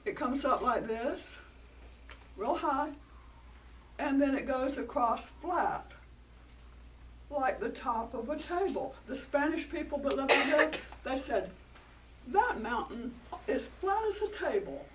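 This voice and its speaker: A woman telling a folktale to children, animated and coaxing them to join in. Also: high-pitched, slow, long pauses. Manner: animated, coaxing, interactive with listeners. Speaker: storyteller. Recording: distant mic, noisy room.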